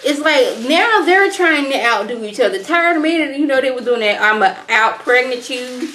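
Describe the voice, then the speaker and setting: A young woman recapping a reality show in a sassy, animated way, mimicking the people she talks about. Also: high voice, brisk, slight background noise. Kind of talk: casual recap commentary.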